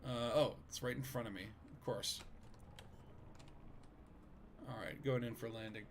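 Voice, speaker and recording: A man's voice: medium pitch, measured pace, creaky, slight background noise. A man hosting a casual gaming stream, rambling along with lots of fillers while narrating his own gameplay. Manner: rambling, filler-heavy, chatty. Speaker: streamer host.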